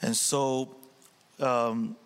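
A man, a pastor, sharing an earnest story and reflection from the pulpit, with many pauses, fillers and restarts. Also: mid-range voice, level tone, clean tone. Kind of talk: sermon reflection before communion.

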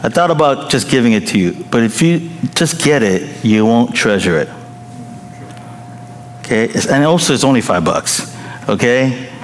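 A man's voice: mid-range voice, lively intonation, normal speed. A middle-aged male pastor preaching a sermon in a playful, joking way, chuckling often. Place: large church hall. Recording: reverberant hall with faint noise.

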